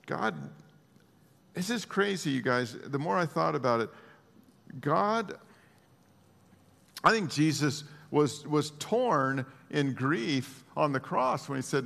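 A man preaching a sermon as a pastor, earnest and emotional, moving between hushed and raised speech. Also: fairly high pitch, animated, slow, gravelly, long pauses, in a large hall.

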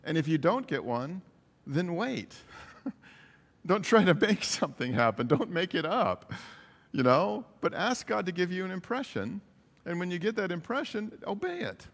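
A man's voice: sits high, sing-song, moderate pace, vocal fry, a bit bright. Man preaching in a reverberant hall. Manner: earnest, retells stories with quoted dialogue. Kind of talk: sermon storytelling.

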